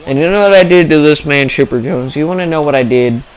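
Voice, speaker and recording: A man's voice: a little high, fast talker, clean tone, rough recording. A young man giving casual, playful commentary over his own gameplay, acting out his thoughts in mock-dramatic asides.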